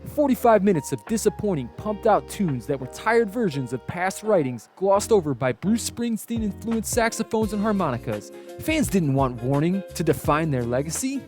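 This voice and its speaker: A man narrates a scripted music history in a high, bright-edged voice that swings up and down with energy. Soft lofi music plays underneath. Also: big pitch swings, moderate pace, hardly any pauses. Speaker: video essay narrator.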